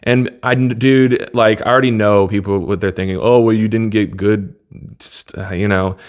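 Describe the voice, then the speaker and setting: A man's voice: lowish voice, steady tone, moderate pace, clean tone. A young man vlogging, telling a long personal story in a loose, rambling way, often stopping and restarting. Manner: rambling, self-interrupting, laid-back. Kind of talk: casual monologue to camera.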